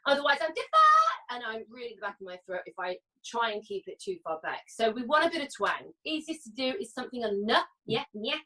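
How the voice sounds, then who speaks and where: A woman's voice: a little high, quick pace, hardly any pauses, a bit bright, recorded from a distance, low-quality recording. A British woman coaching singers through a masterclass, chatty and often checking in with "yeah?" and "okay?". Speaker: vocal coach. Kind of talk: singing masterclass teaching.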